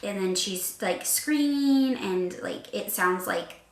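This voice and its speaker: A woman's voice: mid-range voice, animated, takes it slowly. A young woman chatting casually as a reaction video guest, talking emphatically and repeating herself. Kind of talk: casual chat. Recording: echoey room. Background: faint music.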